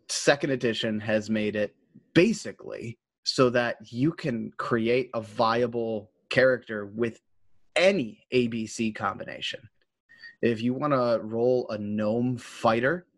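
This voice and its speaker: A man's voice: mid-range voice, a bit bright, no room sound. A man hosting a tabletop gaming podcast as game master, explaining rules in casual chat with offhand swearing.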